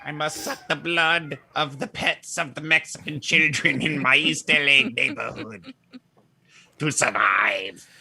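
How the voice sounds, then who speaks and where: Casting: man putting on a mocking monster voice, raspy and rough, slightly high. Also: animated, measured pace, bright, forceful tone, heavily acted. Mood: menacing.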